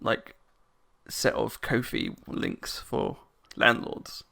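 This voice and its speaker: A man's voice: on the low side, wildly swooping pitch, extremely slow, vocal fry, bright, forceful tone. A man co-hosting a podcast in casual chat, rambling, restarting his sentences and laughing often. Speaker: podcast co-host.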